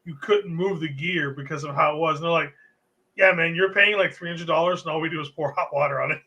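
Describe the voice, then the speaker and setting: A man's voice: on the high side, a little fast, sharp tone. A man co-hosting a casual sports podcast, telling a long profane story in a laid-back way. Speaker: podcast co-host.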